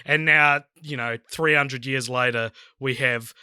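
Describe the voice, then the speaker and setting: A man's voice: medium pitch, fairly even intonation, sharp tone, clear, resonant tone, dry recording, clean studio sound. A man co-hosting a podcast in casual chat, playful and wry. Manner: playful, wry, quick asides. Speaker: podcast co-host.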